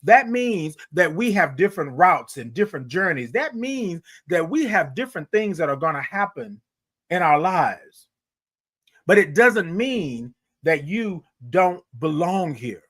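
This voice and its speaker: A man's voice: on the high side, big pitch swings, unhurried, a bit bright. A man hosting a morning show, delivering a motivational monologue in a preacherly way, talking straight to his listeners and repeating lines for emphasis.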